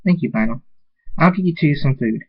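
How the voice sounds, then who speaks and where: A man voicing a caring aunt in a fan-made story reading, gentle and motherly. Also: a little high, animated, brisk, slightly rough, no room sound. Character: caring aunt figure, woman. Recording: dull lo-fi recording.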